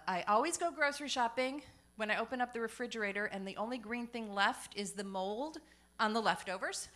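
A woman's voice: mid-range voice, bright, forceful tone. A woman performing a stand-up comedy set on a comedy club stage, chatty and self-deprecating with punchline-driven timing.

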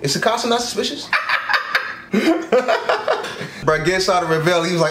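Animated young man reacting in an echoey room. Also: sits high, unhurried, long pauses. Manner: animated, swearing, laughing, slangy asides. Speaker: anime reaction host. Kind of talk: casual reaction commentary.

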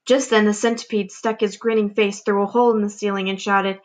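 A woman teacher reading a children's book aloud, narrating in a clear, expressive storytelling manner. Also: medium pitch, a little fast.

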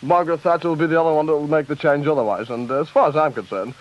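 A man playing a fast-talking, hesitant politician. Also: on the high side, steady tone, close to an everyday voice. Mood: earnest. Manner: hesitant, many "uh" fillers, indignant. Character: earnest quick-talking middle-aged male politician. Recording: dull lo-fi tape.

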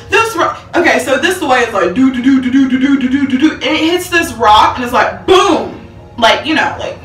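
A young woman vlogger tells a dramatic storytime, her high voice animated as she acts out quotes and breaks into bursts of laughter. The sound is reverberant, captured from a distant mic.

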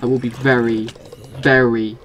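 A man talks through his game session at a mid-pitched, everyday register, quick to exclaim and grumble at creatures that threaten his house. The keys of a keyboard tap faintly behind him as he plays. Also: a little hiss or hum. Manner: excitable, swears and scolds game monsters. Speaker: gaming video host. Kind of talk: casual gameplay commentary.

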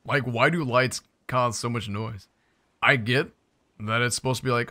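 A man's voice: mid-range voice, fairly even intonation, moderate pace, sharp tone. A young man giving casual, playful commentary while playing a survival game, chatting to his viewers with jokey asides. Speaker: gaming YouTuber.

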